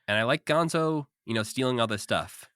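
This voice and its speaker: A man's voice: medium pitch, brisk, pushed and bright, no echo, clean studio sound. A man co-hosting a podcast, chatting casually and recapping with frequent laughs. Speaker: podcast co-host. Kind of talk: casual chat.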